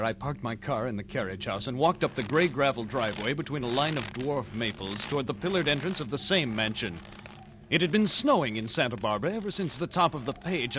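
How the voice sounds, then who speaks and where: An actor playing a wisecracking hard-boiled private eye who narrates a comedy radio play in a fast deadpan manner. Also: male voice, medium pitch, close to an everyday voice. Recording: noisy old radio recording.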